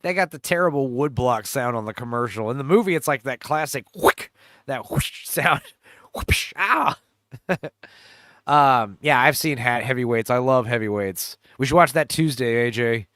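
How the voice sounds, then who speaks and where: A man's voice: mid-range voice, expressive, moderate pace, a bit bright, dry recording, studio quality. A man hosting a casual movie riff, rambling with lots of fillers and laughs, cracking crude jokes. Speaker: podcast host riffing on a movie trailer. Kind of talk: casual chat.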